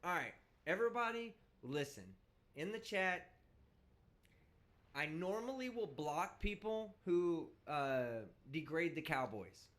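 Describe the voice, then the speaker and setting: A brash man hosts his live stream and swears freely in a casual, animated rant. His voice sits high and swings widely from line to line. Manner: brash, vulgar, animated ranting. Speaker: livestream host. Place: indoors, traveling.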